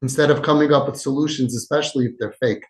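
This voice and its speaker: A man hosting a parenting podcast, giving impassioned advice with shifts between loud and soft and acting out quoted lines. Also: mid-range voice, fairly even intonation, fast. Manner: emphatic, acts out quoted dialogue, swings between loud and soft. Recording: echoey room.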